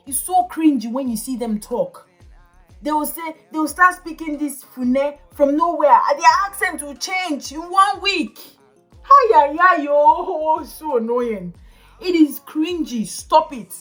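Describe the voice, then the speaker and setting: Emphatic Nigerian woman, higher voice. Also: lively intonation, measured pace, soft background music. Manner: emphatic, switches into Pidgin. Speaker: vlogger. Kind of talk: casual ranting to camera.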